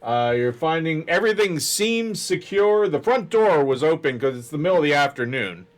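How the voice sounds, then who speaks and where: A man's voice: on the high side, very animated, normal speed. A man narrating a tabletop role-playing game as game master.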